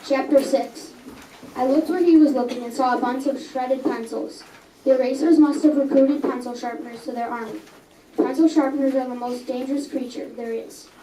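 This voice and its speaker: High-pitched young reader in an echoey café. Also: female voice, steady tone, normal speed, dark tone, a little hiss or hum. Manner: earnest, with small stumbles and self-corrections. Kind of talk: reading own story aloud. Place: coffee house. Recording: echoey room, mic at a distance.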